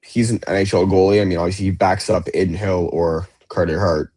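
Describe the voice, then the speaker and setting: A young man with a deep, low voice co-hosts a casual sports podcast. He talks in a loose, chatty way, restarting his sentences as he goes. The sound is dry, with no room around it. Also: fairly even intonation, brisk, mellow, dry recording. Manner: chatty, with frequent restarts and fillers. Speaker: podcast co-host. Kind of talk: casual chat.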